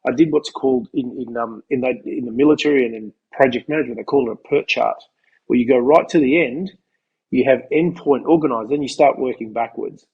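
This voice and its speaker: A man's voice: medium pitch, brisk, husky, muffled recording. A man co-hosting a podcast, explaining ideas in a coaching manner with frequent restarts. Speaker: podcast co-host. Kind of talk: conversational podcast chat.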